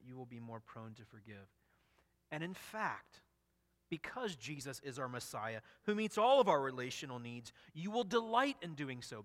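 A man preaching a sermon with earnest emphasis, his voice sitting a little higher than most. He circles back on phrases as he presses each point. The sound carries a long reverb from the hall. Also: a bit bright. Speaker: pastor. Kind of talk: expository sermon.

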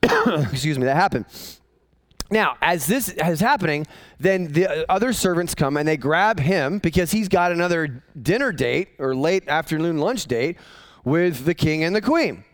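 A man preaching a sermon, retelling a Bible story as an animated, conversational storyteller with jokes. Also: a little high, normal speed, no room sound. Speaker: pastor.

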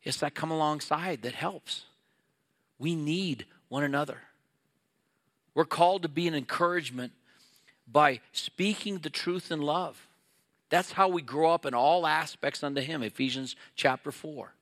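A man's voice: fairly high pitch, a little slow, a bit bright. A middle-aged male pastor preaching a sermon in an earnest, conversational way, acting out little quoted exchanges.

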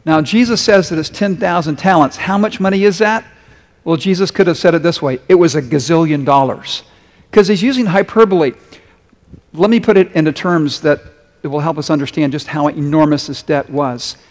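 A man's voice: on the high side, moderate pace, in a large hall. A male pastor delivering a sermon, talking conversationally and asking his congregation questions as he reads and explains a story. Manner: conversational preaching with rhetorical questions.

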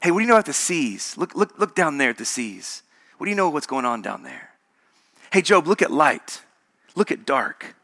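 A preacher playing God as a calm, gently teasing male deity who speaks low and softly. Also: normal speed, full character voice. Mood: curious. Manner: low, soft and conversational.

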